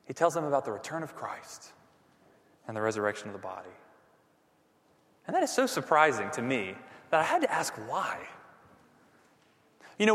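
Animated preacher in a reverberant hall. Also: male voice, on the high side. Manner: animated preaching, drops to near whispers for emphasis. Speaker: pastor. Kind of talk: sermon.

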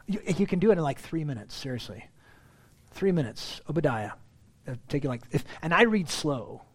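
A middle-aged man preaches a sermon in church in a chatty, self-deprecating way. His voice sits a little high for a man. It jumps up in pitch and volume whenever he leans on a point. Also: big pitch swings, normal speed. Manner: conversational, self-deprecating, rising loud on emphasis. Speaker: pastor.

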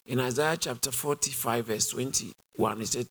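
A man's voice: mid-range voice, moderate pace, hardly any pauses, fairly bright tone. A man with a British accent teaching a sermon, driving his points home through repetition and call-and-response questions to the congregation. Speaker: Bible teacher.

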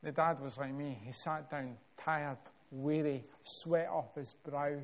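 A Scottish man preaching a sermon, telling a story with measured, dramatic pauses and building emphasis. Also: a little high, steady tone.

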